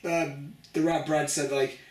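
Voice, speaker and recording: A high-pitched man chats excitedly about a video game, jumping into characters' lines as he goes. He sounds distant from the microphone in an echoey room. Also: unhurried. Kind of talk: casual chat. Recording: roomy, distant from the mic.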